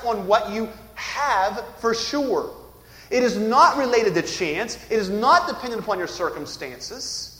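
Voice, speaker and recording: A male pastor preaching with a high voice that leaps up and down in pitch. He tells stories, quizzes his listeners, and drops to near-whispers between louder peaks. The sound rings with long reverb in an echoey church hall. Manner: animated, swinging from loud peaks to hushed near-whispers; asks the congregation questions, storytelling. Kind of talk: sermon.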